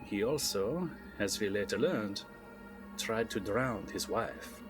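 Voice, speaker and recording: A game master doing a genial male French asylum doctor, with a deliberately hammy French accent, in a tabletop role-play. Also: fairly low pitch, expressive, loud music behind the voice, voice pushed down. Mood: grave. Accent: put-on French. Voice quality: hammy mock-French delivery.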